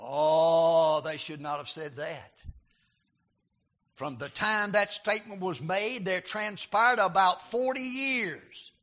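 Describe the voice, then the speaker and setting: A male preacher giving a sermon, reading scripture and building to emphatic, shouted points. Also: sits high, slow pace. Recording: dull lo-fi recording.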